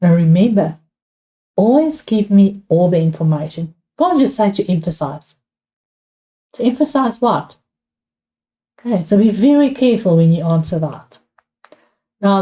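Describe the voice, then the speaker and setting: A woman's voice: on the low side, dark tone. A woman with a South African accent teaching an English exam revision lesson, patient and repeating key points while asking her students questions.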